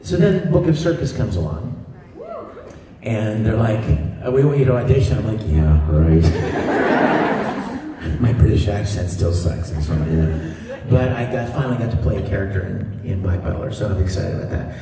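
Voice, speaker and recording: Animated man telling stories in echoey hall. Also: lowish voice, brisk. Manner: animated, laughing storyteller. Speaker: voice actor at a convention panel. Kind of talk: convention Q&A storytelling. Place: large convention hall with audience. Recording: distant fan recording in echoey hall. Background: crowd laughing.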